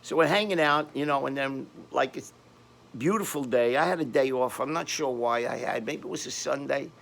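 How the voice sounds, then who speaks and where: An older man with a thick Brooklyn accent tells a story from his youth in a casual, rambling way. His voice is gravelly, and he doubles back on his words as he builds toward the action. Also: medium pitch, moderate pace. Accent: Brooklyn New York. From Brooklyn, New York. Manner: rambling, animated street-tough storytelling with frequent restarts.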